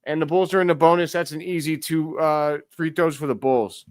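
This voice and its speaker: Excitable man calling a game. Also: fairly high pitch, normal speed, smooth, no room sound, studio quality. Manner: excitable fan, talks to chat. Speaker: live stream host. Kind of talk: casual play-by-play commentary.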